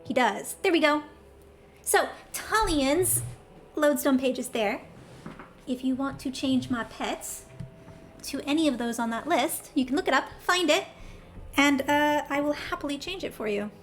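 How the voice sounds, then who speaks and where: A woman's voice: high-pitched, normal speed, a little hiss or hum. A woman streamer chatting casually while she plays, in a scattered way, often talking straight to her viewers. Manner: chatty, scattered, talks to chat. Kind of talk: casual gameplay chat.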